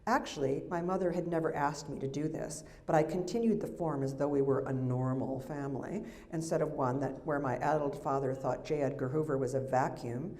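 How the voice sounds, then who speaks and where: Her delivery is brisk, with few pauses, and her low voice has a dark tone. The older woman from the US is reading her memoir at a library event through a handheld or stand mic, adding wry, talkative asides.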